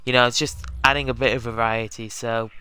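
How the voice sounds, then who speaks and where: A man's voice: medium pitch, little pitch movement, a little fast, pushed and bright. A man casually chatting to his viewers as he sets up a live game stream, rambling and correcting himself as he goes.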